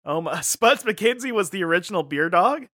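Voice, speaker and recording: A man's voice: sits high, lively intonation, normal speed, bright, forceful tone, no echo, studio quality. A man co-hosting a podcast, playful and giggly in improvised comedy chat. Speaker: podcast co-host.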